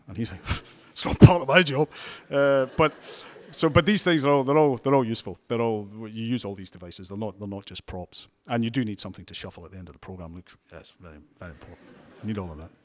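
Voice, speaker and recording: A Scottish man with a somewhat low voice talks through interview answers in a loose, chatty way. He restarts his sentences often and drops in wry asides, in the manner of a seasoned news presenter. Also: fast talker, few pauses, darkish tone. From Scotland. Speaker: television news presenter and reporter.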